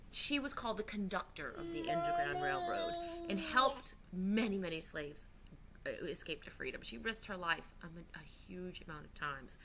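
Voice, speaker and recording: Chatty bright-voiced woman teacher. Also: medium pitch, a little hiss or hum. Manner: chatty, conversational, many fillers and restarts. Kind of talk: online history lesson for children. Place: home.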